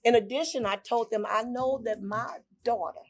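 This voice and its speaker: On a talk show, an older woman speaks at a moderate pace while sharing a deeply emotional personal story. She acts out what other people said and repeats phrases.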